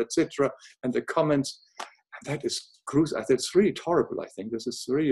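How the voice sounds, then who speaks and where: An older man with a German accent, speaking as an interview guest, gentle and earnest, pausing and restarting often on a video call. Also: mid-range voice, gravelly, slightly rough. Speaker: guest, author and illustrator. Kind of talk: reflective interview conversation.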